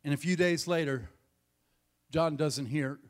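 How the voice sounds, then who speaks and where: A man preaching a sermon as pastor, swinging between quiet, intimate passages and loud, emphatic ones, repeating key phrases. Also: on the high side, measured pace.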